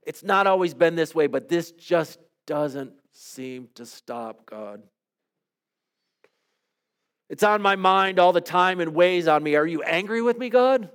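A man leading a devotional, praying aloud in an earnest, pleading way with soft, hushed trailing endings, then teaching calmly. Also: fairly high pitch, measured pace, clear, resonant tone. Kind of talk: reflective spoken prayer and teaching.

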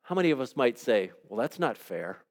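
A man's voice: mid-range voice, very animated, fairly quick. A man preaching a sermon in a conversational way, often putting questions to his listeners. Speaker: pastor.

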